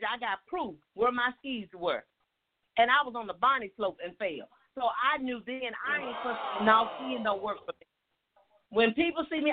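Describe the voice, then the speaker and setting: A woman hosting a casual call-in show, chatty and animated, greeting listeners by name. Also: fairly high pitch. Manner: animated, chatty, Southern Black vernacular turns of phrase. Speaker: host. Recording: tinny phone line with noise.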